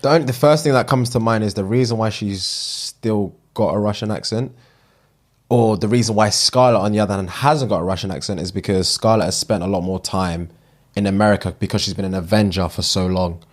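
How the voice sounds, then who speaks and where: A young man, co-hosting a casual podcast and talking things through in a measured, reflective way. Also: lowish voice. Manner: measured, reflective, many agreeing murmurs. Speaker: podcast co-host. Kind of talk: casual chat.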